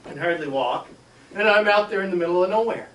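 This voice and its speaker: A man, a school superintendent, telling a childhood story to schoolchildren and acting out the yelps and shouts. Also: sits high, brisk, muffled recording. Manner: animated, acts out yelps and shouts. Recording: echoey room, mic far off.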